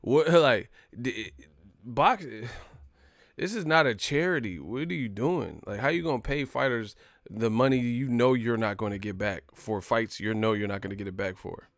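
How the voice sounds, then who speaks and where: A man's voice: mid-range voice, moderate pace, fairly bright tone, dry recording, clean studio sound. A man hosting a live stream, ranting in casual, slangy, profane commentary. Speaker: boxing live stream host.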